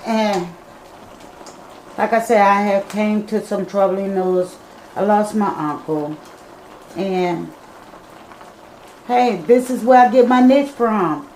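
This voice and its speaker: Slow-talking woman cooking in an echoey kitchen. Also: mid-range voice, darkish tone, slight background noise. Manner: chatty, addresses viewers as y'all and you guys. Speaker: home cooking channel host. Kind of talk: casual cooking vlog talk. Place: home kitchen.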